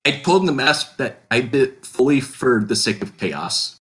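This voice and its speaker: A man's voice: mid-range voice, very animated, normal speed, fairly bright tone. A man co-hosting a casual podcast, explaining his choices in long, rambling, self-correcting sentences. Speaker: podcast co-host, character creator.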